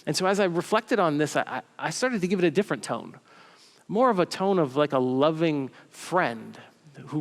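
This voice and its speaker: A man preaching a sermon as a pastor, talking in a casual, halting way with many restarts and fillers, recorded in a church. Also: a little high, in a large hall. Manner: conversational and halting, full of restarts and "like".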